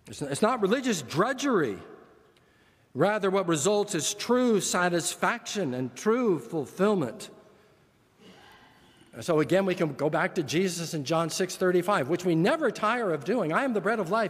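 A man's voice: high-pitched, breathy edge. An older man preaching a sermon as pastor, earnest and emphatic, building points through repetition. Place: church sanctuary. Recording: long church reverb.

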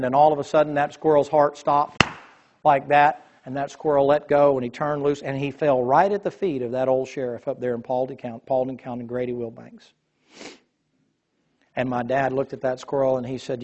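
A man preaching a sermon, telling folksy stories and building to emphatic, loud passages. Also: medium pitch, little pitch movement, a little fast, muffled recording.

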